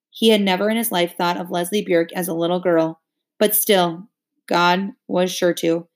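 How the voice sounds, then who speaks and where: A woman narrating a novel chapter aloud, expressive and rising with the emotion of the scene. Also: on the low side, normal speed.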